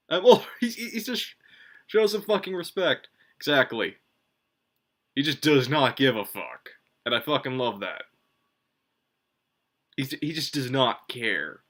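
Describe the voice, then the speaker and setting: Very animated yet a little slow, with frequent pauses, a man in a medium-pitched, fairly bright voice gives a rambling solo manga review. He curses freely, restarts often and leans on fillers like "like" and "um."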